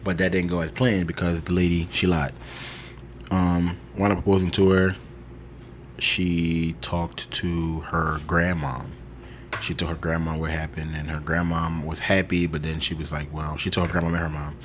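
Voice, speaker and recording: A man's voice: low-pitched, level tone, moderate pace, a little hiss or hum. A young man telling a long personal story in casual podcast chat, loose and chatty with lots of fillers. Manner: loose storyteller, lots of "like" and "you know", laughs often. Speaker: podcast co-host.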